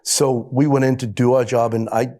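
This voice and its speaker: Earnest, halting middle-aged man. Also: medium pitch, level tone, mellow. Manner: earnest, halting, with many restarts. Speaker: rescue police officer, panelist. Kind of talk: recounting a rescue on a panel.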